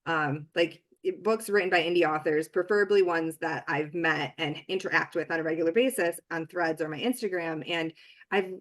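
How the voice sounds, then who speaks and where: A woman's voice: low voice, brisk. A woman author in a casual podcast conversation, talking in a rambling way with many restarts and fillers.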